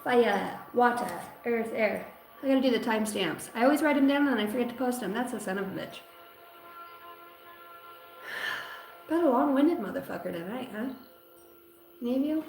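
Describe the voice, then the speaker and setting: A woman's voice: fairly high pitch, lively intonation, normal speed, vocal fry, long pauses. A woman in her thirties doing a casual livestream card reading, bantering playfully with viewers and swearing freely. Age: 30s. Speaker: tarot and oracle card reader. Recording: echoey room with faint background music.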